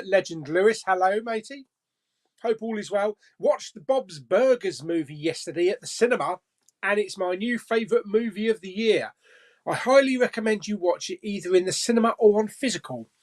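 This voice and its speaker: A man with a high voice hosts a casual live chat stream, reading out viewer comments. He's jokey, laughs often, and swears casually.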